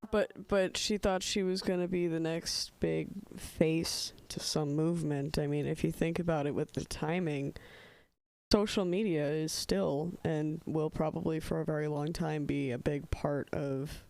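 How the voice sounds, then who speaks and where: Gravelly, dry-witted podcast co-host. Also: mid-range voice, fairly even intonation, measured pace, darkish tone, no echo. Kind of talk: casual true-crime chat.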